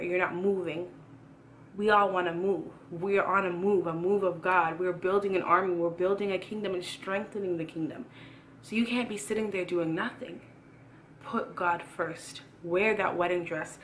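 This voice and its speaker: A woman's voice: on the low side, steady tone, moderate pace, fairly bright tone, slight background noise. A young woman giving a casual sermon, earnest and preachy, repeating phrases for emphasis. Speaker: youth Christian vlogger preaching.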